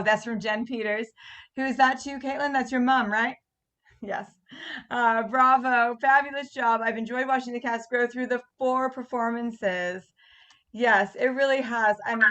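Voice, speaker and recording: A woman's voice: on the high side, a bit bright. A middle-aged woman hosting a cast Q&A on a video call, chatting and reading out audience comments. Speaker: theatre director hosting a cast Q&A. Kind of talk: casual chat on a video call.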